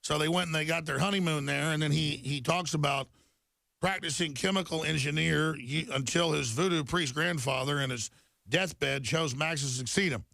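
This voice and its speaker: A man's voice: a little high, moderate pace, vocal fry, bright, forceful tone, no echo. A middle-aged man hosting a talk show, delivering a heated, repetitive monologue to viewers while reading headlines.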